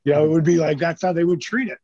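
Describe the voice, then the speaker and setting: A man, a former wrestler telling stories in a casual interview, animated and swearing freely while he acts out the people he quotes. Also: on the high side, quick pace, highs cut off.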